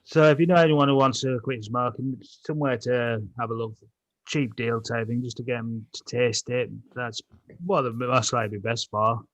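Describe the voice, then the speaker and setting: A man's voice: medium pitch, fairly even intonation, normal speed, no echo. A man co-hosting a podcast, reading out a list of deals and stumbling over product names. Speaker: podcast co-host.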